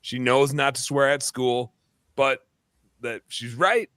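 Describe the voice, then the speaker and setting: A man in his thirties from Wisconsin, hosting a podcast in a rambling, animated chat. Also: mid-range voice, slow, dry recording, clean studio sound. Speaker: podcast host. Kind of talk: casual chat.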